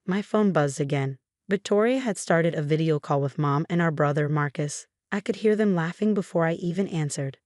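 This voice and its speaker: A woman reading a first-person family drama story in a calm, even narration. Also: sits low, moderate pace, hardly any pauses, no echo, clean studio sound.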